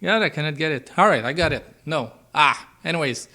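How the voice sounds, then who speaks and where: A man hosting a tech review video in a casual, chatty way, with joking asides and animated reactions. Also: a little high, brisk, hardly any pauses. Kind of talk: casual chat.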